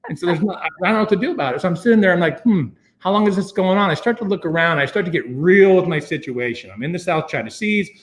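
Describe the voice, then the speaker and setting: A man telling a long personal story as an interview guest, animated and full of fillers and chuckles. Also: high voice, rapid-fire, hardly any pauses. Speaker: guest, venture capitalist. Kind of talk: casual anecdote telling.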